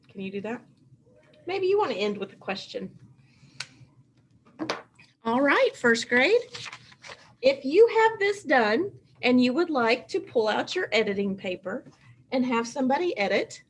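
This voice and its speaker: Woman, first grade teacher, bright sing-song delivery for little kids, slightly high, faint room hum. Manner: animated, sing-song teacher talk, stretching out sounds. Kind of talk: remote writing lesson for children.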